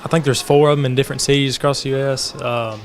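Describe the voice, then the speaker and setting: A teenage boy, a musician guest on a talk show, with a mid-pitched voice. He answers hesitantly and lazily, stacking fillers between his thoughts. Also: flat delivery, fast, a crowd in the background. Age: teens. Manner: hesitant, filler-heavy, laid-back. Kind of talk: casual interview chat.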